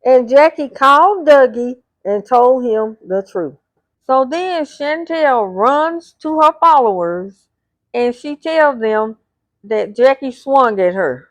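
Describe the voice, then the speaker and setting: A woman's voice: sits high, lively intonation, slow, no room sound. A woman recapping a reality TV episode scene by scene, reading out what the cast said and adding blunt asides. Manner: retells scenes, reading out the cast's lines.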